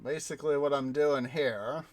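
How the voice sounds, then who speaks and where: A man's voice: mid-range voice, fairly even intonation, moderate pace, a little mellow. A man streaming a city-building game, chatting casually and telling a rambling story full of fillers and restarts. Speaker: gaming streamer. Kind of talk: casual let's-play chat and storytelling.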